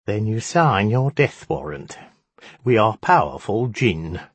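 A man's voice: on the low side, sing-song, takes it slowly, breathy edge, no echo, exaggerated voice. A man voicing an impatient, pompous male jinn who speaks in a haughty, mocking, commanding way.

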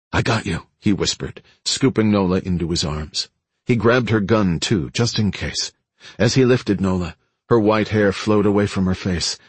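A male audiobook narrator with a very deep, husky voice reads a thriller in a measured, suspenseful tone. The recording is dry and close, with no room sound. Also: no echo. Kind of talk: scripted narration.

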